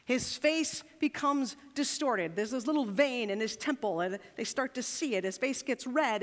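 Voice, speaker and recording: A woman pastor with a high voice preaches to her congregation, with expressive, dramatic delivery. Her voice carries through a church sanctuary with a long, echoing reverb. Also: moderate pace, hardly any pauses. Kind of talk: sermon.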